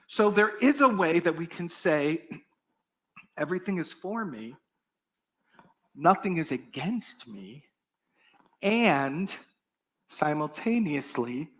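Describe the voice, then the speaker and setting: A middle-aged male pastor giving an earnest sermon, shifting often from strong emphasis down to soft, almost whispered phrases. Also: fairly high pitch. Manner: earnest, varied dynamics, drops to soft near-whispers.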